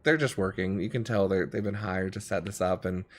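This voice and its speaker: A man narrating as game master in a tabletop game, relaxed and laid-back, with frequent ums. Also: deep voice, fairly quick. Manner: relaxed, many ums, laughs easily.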